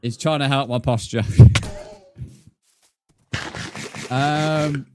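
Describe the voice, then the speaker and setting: Rambling man with a low voice. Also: animated, moderate pace, background noise. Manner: rambling and crude-joking, full of "like" and "mate". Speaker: game streamer. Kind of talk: casual live-stream chat while gaming.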